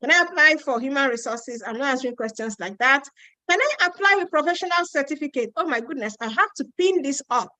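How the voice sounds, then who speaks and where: A woman's voice: high-pitched, lively intonation, fast, bright, forceful tone, no echo, rough recording. A Nigerian woman with a Yoruba accent hosting a live Q&A webinar from Ontario. She reads out viewer questions and answers them in a chatty, emphatic way, repeating her points. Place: home in Ontario.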